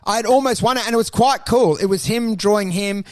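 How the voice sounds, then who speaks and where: High-voiced man telling wild stories. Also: a little fast. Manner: animated storyteller, acts out voices. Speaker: podcast co-host. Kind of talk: casual comedic chat.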